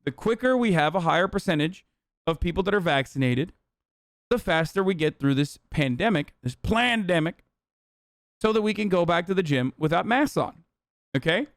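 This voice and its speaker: A man's voice: high voice, moderate pace, dry recording, studio quality. A man streaming live, reading and reacting to his chat in casual, profane, sarcastic commentary. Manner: animated, sarcastic, swears often.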